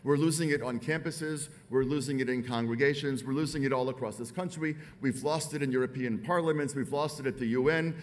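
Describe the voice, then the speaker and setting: Emphatic American man giving a speech. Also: on the high side. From United States. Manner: emphatic, rhetorical repetition. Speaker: author giving a dinner speech. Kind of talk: speech to a live audience.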